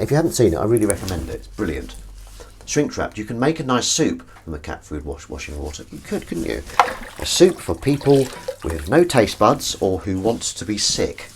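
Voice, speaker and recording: Low-voiced guy rambling at the sink, voice jumps all over, pans sizzling loud behind. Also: noisy background. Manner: rambling, self-mocking, chatting to viewers. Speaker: livestream host washing up. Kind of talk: casual live-stream chat. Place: home kitchen at the sink. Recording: clear kitchen sizzle and clatter behind. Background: frying and sizzling food, clinks.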